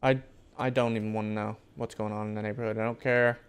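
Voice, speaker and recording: A man's voice: lowish voice, flat delivery, fast, smooth. A young man giving casual gameplay commentary, brash and joking, swearing often and talking back to the game. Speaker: gaming video host.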